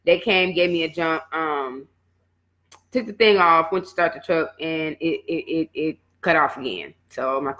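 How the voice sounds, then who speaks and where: A woman's voice: sits low, moderate pace. A woman fitness coach, telling a personal setback story in casual talk and acting out what she said back then. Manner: animated storytelling, acts out her own past words.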